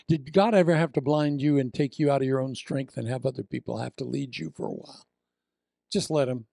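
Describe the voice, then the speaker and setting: An older man from Iowa preaching a sermon, telling the story with lively acted-out voices and asides. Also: mid-range voice, brisk, gravelly, no room sound, clean studio sound. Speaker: pastor.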